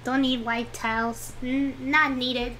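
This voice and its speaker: A woman's voice: sits high, flat delivery, slow, pushed and bright, a little hiss or hum. A young woman streaming a game, chatting to herself about her moves in a whiny, pleading way. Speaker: VTuber streamer. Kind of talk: casual game-stream commentary.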